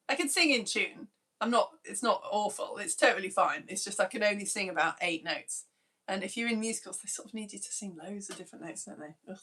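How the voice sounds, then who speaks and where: A woman's voice: medium pitch, sharp tone. A woman in her thirties, a teacher, chatting on a live stream and greeting children by name in a bubbly, self-mocking way. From United Kingdom. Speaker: teacher reading out viewer messages.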